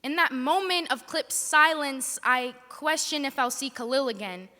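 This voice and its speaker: Impassioned teen slam poet, very high voice. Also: female voice, measured pace. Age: teens. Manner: impassioned, swings from hushed to shouted. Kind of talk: spoken word poetry performance. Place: large hall on stage. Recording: reverberant hall.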